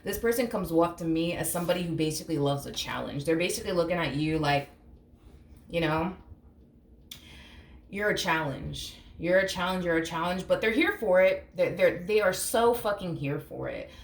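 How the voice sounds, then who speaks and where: Woman, tarot reader, casual chat, blunt, swears a lot, lowish voice, echoey room. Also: normal speed. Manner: chatty, blunt, swears freely; acts out imagined reactions in quotes. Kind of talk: casual tarot reading to camera. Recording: echoey room with faint hum.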